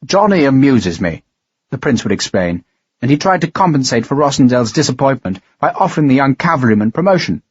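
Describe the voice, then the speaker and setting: A man narrating an audiobook in a steady, measured reading. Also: mid-range voice, husky, no echo, muffled recording. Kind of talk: scripted narration.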